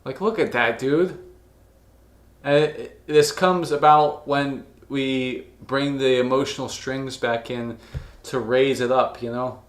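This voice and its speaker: A man's voice: medium pitch, fairly even intonation, takes it slowly, faint music behind. Profane, gushing man in a roomy space. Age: 30s or older. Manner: profane, gushing, rambling with restarts. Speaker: video reviewer. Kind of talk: casual reaction commentary.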